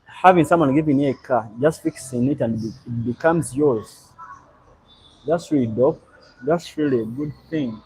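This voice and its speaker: Husky man chatting on a live stream. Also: medium pitch, a little slow, rough recording. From Uganda. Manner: relaxed, rambling, answering viewers' chat. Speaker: livestream host. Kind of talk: casual live stream chat.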